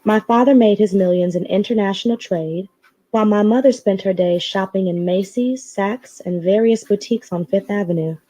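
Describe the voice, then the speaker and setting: Woman with a mellow reading voice. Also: mid-range voice, normal speed. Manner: expressive storytelling, with her own asides. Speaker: story reader. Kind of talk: reading a novel aloud.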